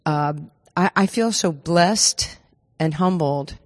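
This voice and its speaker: A woman, telling stories as a podcast guest in an animated, laughing way. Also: on the low side, takes it slowly, long reverb tail. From New York. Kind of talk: storytelling podcast interview.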